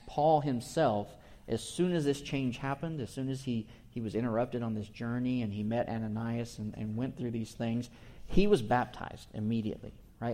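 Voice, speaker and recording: A male preacher of middle pitch with a mellow, warm tone, teaching a sermon verse by verse. He talks in a relaxed, conversational way, restarting phrases as he explains each word. He keeps checking in with his listeners by asking "right?".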